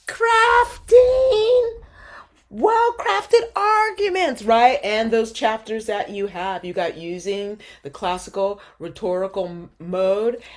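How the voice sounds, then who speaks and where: A woman teaching an online writing course, walking students through an assignment in an animated, coaxing way and often checking in with "okay?" and "right?". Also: mid-range voice. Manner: direct, addresses students as "you guys" and "y'all". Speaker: college writing instructor. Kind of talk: recorded online course walkthrough.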